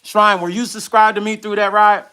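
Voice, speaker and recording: A middle-aged man with a high-pitched voice hosts a casual livestream, eating while he reads out viewer comments. He speaks at normal speed in a flat, sharp, clean tone. His talk is loose and conversational, and he tends to repeat himself when he gets emotional.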